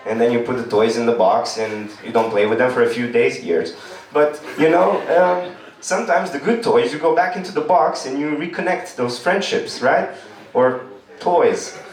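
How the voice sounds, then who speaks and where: A man tells loose, rambling stories on a comedy club stage. His voice sits at an ordinary middle pitch. The sound is roomy and comes from some way off the mic. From Romania. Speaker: stand-up comedian. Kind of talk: stand-up comedy. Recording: echoey room, distant mic.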